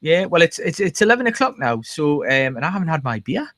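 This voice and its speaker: A man chatting in a rambling, joking way as host, his voice swinging up and down through a wide, lively range. His pitch sits a touch high for a man, and the sound is close and dry. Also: fast, dry recording. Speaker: podcast host. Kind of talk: casual chat.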